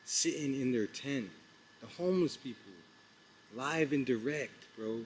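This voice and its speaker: A young man vlogging outdoors at night, telling a story in a casual, excited, slangy way, rambling with lots of "like" and "bro". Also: medium pitch, measured pace, rough recording. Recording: outdoor street noise with passing traffic.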